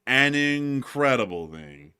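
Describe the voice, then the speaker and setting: A man's voice: medium pitch, very animated, slow pace, pushed and bright, clean tone. A man hosting a live stream in casual, rambling chat, calling the audience "folks" and piling up fillers. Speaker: livestream host.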